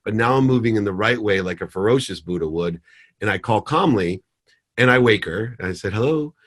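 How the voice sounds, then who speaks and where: A man's voice: on the low side, a little fast. A middle-aged man, a podcast guest, telling a story and acting out the dialogue. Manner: animated storyteller, acts out dialogue.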